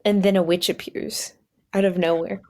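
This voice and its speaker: A woman's voice: on the low side, fairly even intonation, normal speed, mellow. A woman podcast host telling an improvised story in a casual, giggly way with many fillers.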